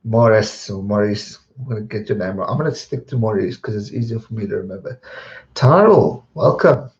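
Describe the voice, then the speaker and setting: A man's voice: fairly low pitch, fairly even intonation, fast talker, darkish tone, lo-fi sound. A man hosting a live stream, chatting casually and greeting viewers by name as he reads their comments.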